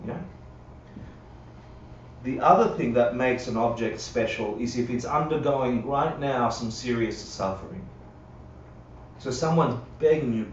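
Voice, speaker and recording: Speaking at a measured pace with long pauses, a man with a mid-range voice teaches Buddhism in a live, conversational class, frequently checking in with listeners and acting out quotes. The livestream audio is roomy, dull and distant, with slight background noise.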